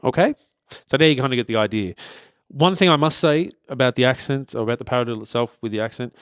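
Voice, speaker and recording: A man giving a relaxed drum lesson beside his kit, with lots of fillers and restarts, often checking in with "okay?". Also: mid-range voice, fast, clean tone, dry recording, clean studio sound. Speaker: drum teacher. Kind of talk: casual spoken lesson.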